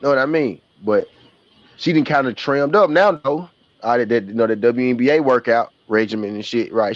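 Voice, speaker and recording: A man's voice: mid-range voice, no echo. A man with a Southern US accent, casually joking and trash-talking as he hosts a live basketball watch party stream. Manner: joking, trash-talking, slangy, laughs often. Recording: dull lo-fi stream audio.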